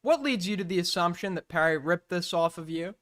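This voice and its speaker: A man's voice: high voice, expressive, a little fast, a bit bright. A man moderating a casual online debate over a voice call, cutting in bluntly to keep it moving.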